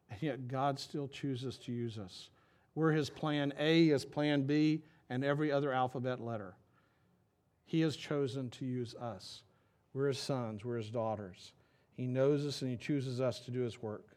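A middle-aged man preaching a sermon, reading scripture dramatically and dropping to a quiet, intimate tone. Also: mid-range voice. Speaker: pastor.

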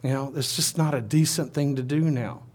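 A man's voice: mid-range voice, moderate pace, a little mellow. Man preaching a chatty sermon. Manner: conversational storytelling with asides.

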